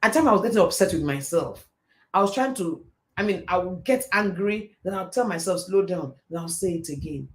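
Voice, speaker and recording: A middle-aged man hosting a live stream and giving a motivational faith talk, telling stories in a fast, animated way. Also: high voice. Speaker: host.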